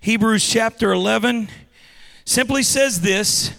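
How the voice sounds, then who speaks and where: A male pastor delivers an emphatic sermon in a very high, piercingly bright voice. He calls out to the congregation and has them repeat lines back. His voice rings out with a long reverb through a large church hall. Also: normal speed. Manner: emphatic call-and-response preaching.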